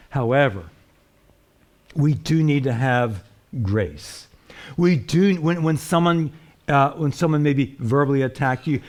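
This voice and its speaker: A pastor preaching a sermon in a plain-spoken way, asking rhetorical questions and swinging between a raised voice and a hush. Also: male voice, medium pitch. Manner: plain-spoken, with colloquial phrases.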